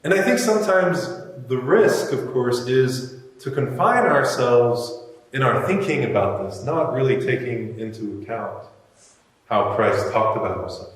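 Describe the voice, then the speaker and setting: A man's voice: mid-range voice, lively intonation. Man preaching in an echoey hall. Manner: reflective, musing with pauses. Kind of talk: sermon. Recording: echoey hall, mic far off.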